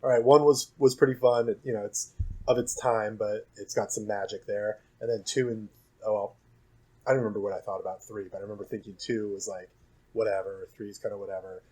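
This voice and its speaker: A man's voice: on the low side, fairly even intonation, fairly quick, dark tone, slightly rough, poor audio. A young man co-hosting a podcast, talking casually and thinking aloud about films. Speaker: podcast co-host. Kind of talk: casual film discussion.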